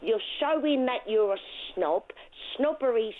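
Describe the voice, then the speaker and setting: A Cockney woman calling in to a radio show over a tinny phone line. Her voice sits a little high, and she talks in a bold, outspoken, flirtatious way. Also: animated, measured pace. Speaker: caller.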